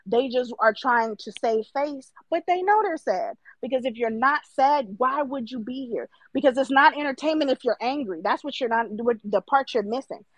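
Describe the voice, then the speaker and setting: A woman's voice: sits high, normal speed, hardly any pauses, no room sound, rough recording. A young woman arguing her point on a live stream, emphatic and mocking, now and then mimicking her critics. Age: 20s. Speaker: livestream guest. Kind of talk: heated debate.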